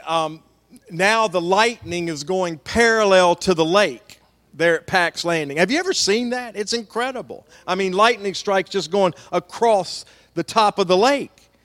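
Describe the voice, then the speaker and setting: A man's voice: sits high, a little slow, fairly bright tone. A man preaching a sermon as the pastor, telling stories with folksy asides. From American South. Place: church sanctuary. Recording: long church hall reverb.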